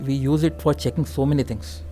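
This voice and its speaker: Mellow-voiced Indian doctor explaining calmly. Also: male voice, medium pitch, soft background music. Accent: Indian English. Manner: measured, explanatory, with hesitations. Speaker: neurosurgeon guest. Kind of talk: conversational interview.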